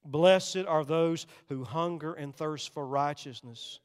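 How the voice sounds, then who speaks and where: An older man preaching a sermon, swinging between loud, urgent passages and hushed, quiet ones. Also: a little high, slow, clean tone, in a large hall. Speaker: pastor.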